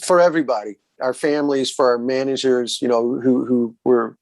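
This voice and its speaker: A man with a Southern US accent, a guest musician, telling road stories in a relaxed, casual way and often saying "man". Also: mid-range voice, moderate pace, no echo. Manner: relaxed, says "man" a lot, acts out quoted voices. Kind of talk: casual storytelling interview.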